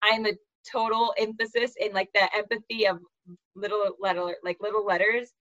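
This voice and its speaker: A woman's voice: mid-range voice, flat delivery, moderate pace, fairly bright tone. Woman author from California, a guest who rambles and hunts for words, a bit dull and lo-fi. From La Jolla, California. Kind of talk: casual interview chat.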